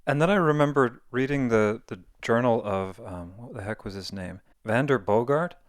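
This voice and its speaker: A man's voice: mid-range voice, moderate pace, dry recording, clean studio sound. A man explaining a topic in a casual monologue, thinking aloud and correcting himself as he goes. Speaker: video essayist.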